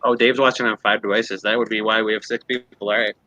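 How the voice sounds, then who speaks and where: Bright, dry-sounding man chatting bluntly. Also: lowish voice, level tone, fast talker, dry recording, poor audio. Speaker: panel guest. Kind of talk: casual livestream chat.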